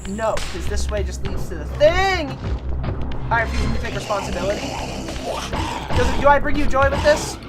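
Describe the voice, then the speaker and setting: A woman streaming a game live, excitable and swearing as she talks to her chat. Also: a little high, moderate pace, pauses often, rough recording. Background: loud game music.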